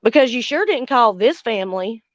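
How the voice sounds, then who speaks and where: A woman's voice: a little high, animated, moderate pace, no room sound, highs cut off. Angry, blunt woman in her forties. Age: 40s. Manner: angry, blunt, heavy swearing, reads out viewer comments. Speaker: livestream host. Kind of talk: casual livestream chat with viewers.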